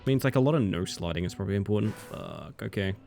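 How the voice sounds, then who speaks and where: A man's voice: lowish voice, quick pace, vocal fry, a little hiss or hum. A man casually commenting on his live game stream late at night, sleepy and chatty, answering chat as he plays. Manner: relaxed, chatty, reads chat aloud and answers it.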